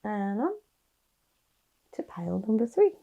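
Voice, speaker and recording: Gravelly-voiced chatty woman tarot reader. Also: medium pitch, big pitch swings, unhurried, muffled recording, slight background noise. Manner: chatty, soft-spoken, with little sighs and laughs. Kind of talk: casual tarot reading to camera.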